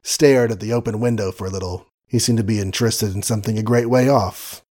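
Male audiobook narrator; measured, wry reading of period prose. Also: on the low side, steady tone, mellow. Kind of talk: scripted narration.

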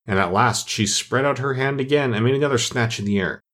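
A man narrating a children's story in an expressive storytelling manner. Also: mid-range voice, fairly quick. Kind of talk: audiobook narration.

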